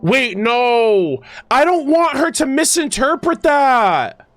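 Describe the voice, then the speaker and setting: A young man streaming his reaction to a game, emotional and exclaiming loudly as the story plays out. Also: very high voice, very animated, takes it slowly, dry recording, soft background music. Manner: emotional, loud exclamations and swearing. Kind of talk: excited gameplay reaction.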